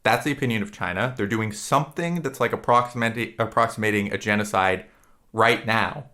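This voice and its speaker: A man's voice: fairly low pitch, sharp tone. A man co-hosting a podcast, rambling and swearing casually as he retells movie scenes. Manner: rambling, profane, retells scenes with quick impressions. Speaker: podcast co-host.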